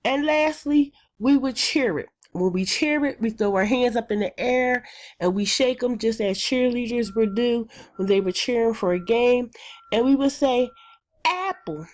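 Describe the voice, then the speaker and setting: A woman teacher explaining a classroom phonics routine step by step, with plain, methodical talk and frequent ums. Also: normal speed. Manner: jumps higher and brighter when acting out chants.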